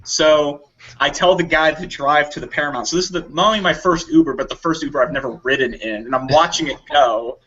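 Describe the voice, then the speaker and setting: A man casually telling a long funny anecdote on a podcast, acting out what people said. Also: brisk. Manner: animated storyteller acting out quotes in higher voices. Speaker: volunteer convention staff telling a story. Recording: dull lo-fi audio.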